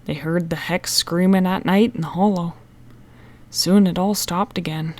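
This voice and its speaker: Lady reading as stern old-fashioned country woman, low intense voice, spooky warning. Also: fairly even intonation, a little slow, a little mellow, close to an everyday voice. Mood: ominous.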